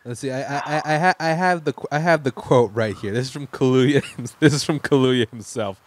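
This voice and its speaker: A young man hosts a loose entertainment-news chat. He jokes constantly, breaks into laughter and trips over his words as he restarts his sentences. His voice sits at a middling pitch. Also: brisk. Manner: joking, laughs often, stumbles and restarts. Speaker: podcast host. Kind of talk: casual chat.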